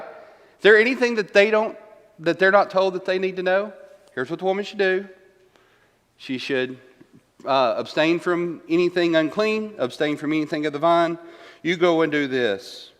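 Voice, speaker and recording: Male Bible teacher, slightly high voice, long church-hall echo; conversational, rhetorical questions, repeated lines. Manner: paraphrases verses and repeats key lines for emphasis. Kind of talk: teaching a Bible class, retelling scripture. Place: church classroom.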